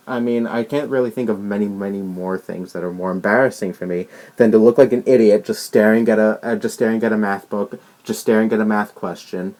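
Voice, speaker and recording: A man's voice: fairly low pitch, darkish tone. A young man vlogging a rambling, exasperated rant about a personal story, full of restarts and fillers. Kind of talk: ranting personal story to camera.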